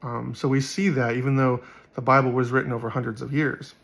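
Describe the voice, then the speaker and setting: A man giving casual Bible teaching in a quick, rambling way with many fillers, hoarse from being sick. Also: medium pitch, level tone, fairly bright tone. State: hoarse from sickness.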